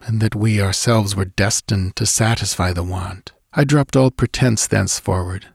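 A man reads a literary story aloud in a measured, somber first-person voice. His voice is low-pitched, and the recording is dry and close. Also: creaky, darkish tone, husky, dry recording. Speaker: audiobook narrator. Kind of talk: scripted narration of a literary tale.

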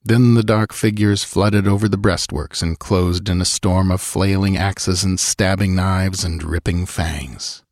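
A man narrating a sword-and-sorcery audiobook in a measured, steady storytelling manner. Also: sits low, dry recording, clean studio sound. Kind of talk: scripted narration.

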